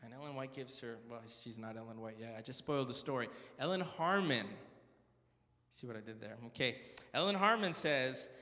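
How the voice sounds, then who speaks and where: Big-room acoustics surround a man with a medium-pitched, sharp-toned voice talking at normal speed. Speaking at a church hall prayer meeting, he tells stories casually, cracking jokes and fixing his own words mid-sentence.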